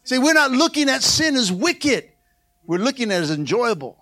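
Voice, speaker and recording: A man's voice: extremely high pitch, very animated, normal speed, bright, forceful tone. A man preaching a sermon to his church, emphatic, calling for amens and responses. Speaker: pastor.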